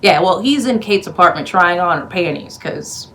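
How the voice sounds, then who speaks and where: A woman's voice: fairly low pitch, lively intonation, moderate pace, sharp tone, slight background noise, rough recording. A woman recapping a movie in a casual vlog, rambling and profane, with sarcastic, exasperated asides. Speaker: movie reviewer.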